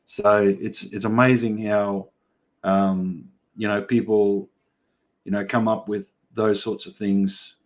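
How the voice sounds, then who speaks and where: A man's voice: on the low side, level tone, takes it slowly. Australian man yarning on a livestream. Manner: chatty, yarning storyteller. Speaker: livestream host. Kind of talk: casual livestream chat reading comments.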